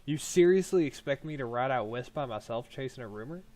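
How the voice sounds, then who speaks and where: A man's voice: medium pitch, animated, a little fast, a little mellow, lightly acted. A man reading the lines of a bitter, skeptical older woman doctor with a sarcastic, blunt manner. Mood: incredulous.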